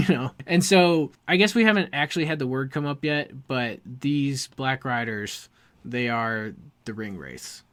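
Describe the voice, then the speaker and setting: A man co-hosting a casual book discussion podcast, enthusiastic and quick to laugh, reading passages aloud. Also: medium pitch, a bit bright. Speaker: podcast co-host.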